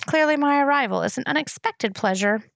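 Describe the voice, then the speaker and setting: A woman's voice: sits high, expressive, a little fast, gravelly, a bit bright, no room sound, studio quality, pitched above the performer's own voice, full character voice. A woman voicing a cunning, menacing male rat who speaks with mocking sarcasm. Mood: sarcastic.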